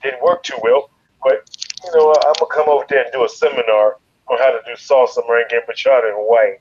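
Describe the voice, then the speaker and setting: A man from Chicago telling a wild story in an interview, profane and animated, leaping into loud quoted voices. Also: medium pitch, quick pace, husky, dull audio. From Chicago, USA. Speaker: guest, fighter.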